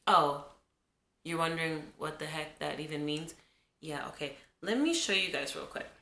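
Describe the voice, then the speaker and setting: A woman in her twenties from New Jersey, telling a childhood story to her viewers in an animated, chatty way while getting over a cold. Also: deep voice, moderate pace. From New Jersey, USA. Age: 20s. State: has a cold. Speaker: vlogger. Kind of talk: casual storytime vlog. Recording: echoey room.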